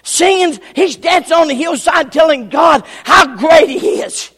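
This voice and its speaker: A man preaching a revival sermon in a church, swinging from shouted lines to hushed, near-whispered ones. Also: extremely high pitch, measured pace. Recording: church hall reverb.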